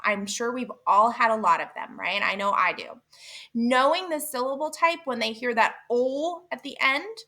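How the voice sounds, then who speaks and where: A woman teaching other teachers about syllable types, patient and clear, sounding out word parts slowly and asking rhetorical questions. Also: on the high side, pushed and bright. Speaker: literacy teacher trainer. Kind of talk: instructional explainer video.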